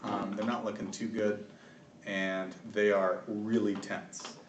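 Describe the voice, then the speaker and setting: A man's voice: lowish voice, level tone, takes it slowly, a little hiss or hum. A man narrating as game master at a tabletop game, hesitant, with many ums and restarts. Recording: echoey room, far from the mic.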